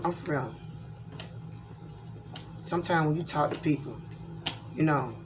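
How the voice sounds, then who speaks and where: In a casual vlog, a middle-aged woman from Georgia, USA, chats to her viewers the way a tarot reader would, her voice pitched a little low. She's frank and rambling, leaning on plenty of fillers, and the background is noisy.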